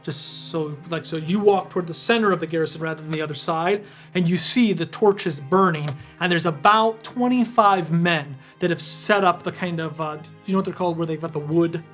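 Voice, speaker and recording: Male game master, high-pitched, chatty scene-setting narration. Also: brisk, fairly bright tone, faint music behind. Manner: descriptive, searching for words.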